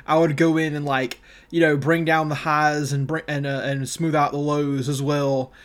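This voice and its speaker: A man co-hosting a casual podcast, talking in a loose, profane, ranting way with a slightly raised pitch. His voice sits a little higher than most men's and carries a steady, animated energy. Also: moderate pace. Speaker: podcast co-host.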